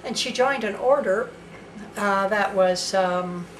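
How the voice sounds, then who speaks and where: A woman's voice: medium pitch, takes it slowly, poor audio. A woman telling a nun joke in an easygoing, conversational way, stopping now and then with small fillers. Faint room noise sits behind her. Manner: casual, with fillers and a little laughter. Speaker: joke teller. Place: local public access TV studio.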